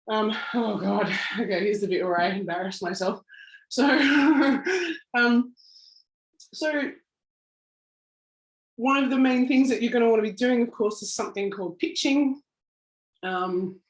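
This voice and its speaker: Chatty Australian woman, roomy sound. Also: medium pitch. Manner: chatty, with many fillers and a self-deprecating laugh. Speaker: workshop presenter. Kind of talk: informal workshop talk. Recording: roomy echo.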